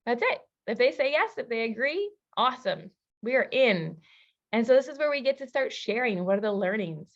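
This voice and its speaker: A woman's voice: on the high side, brisk, dull audio. Woman coach teaching a relationship masterclass. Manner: lively storytelling, casual fillers. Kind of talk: masterclass teaching with personal stories.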